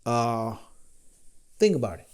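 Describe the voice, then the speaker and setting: A man giving a religious lecture, pressing his listeners with rhetorical questions in a measured, emphatic way. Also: medium pitch, sing-song, darkish tone, smooth. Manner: rhetorical questions, role-plays the listener's replies.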